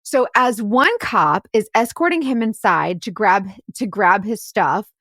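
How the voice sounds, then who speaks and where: Female podcast co-host, chatty storyteller, lively sing-song delivery, dry close mic. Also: a little slow, no room sound. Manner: animated storyteller, acts out quotes in shrill outbursts, many "like"s and "right?"s. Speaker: podcast co-host and private investigator. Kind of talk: casual storytelling chat.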